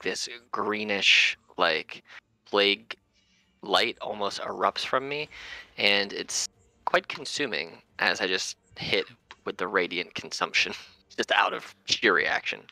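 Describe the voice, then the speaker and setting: A man's voice: fairly low pitch, gravelly, pushed and bright, no room sound. A man playing his character in a tabletop game, talking casually with swearing and describing his character's actions. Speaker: player. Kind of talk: in-character tabletop role-play.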